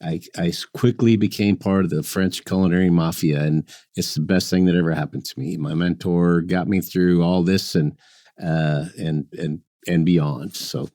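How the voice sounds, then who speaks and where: Deep-voiced man telling easygoing stories. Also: fairly even intonation, dark tone, dry recording, clean studio sound. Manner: easygoing, chuckling, with halting restarts. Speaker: chef guest. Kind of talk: anecdotal storytelling in conversation.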